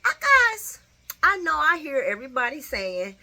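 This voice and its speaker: Animated woman with a lively, bright voice. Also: sits high, normal speed. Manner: animated, opinionated, laughs often, cursing. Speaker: soap opera recap vlogger. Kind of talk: casual spoken recap.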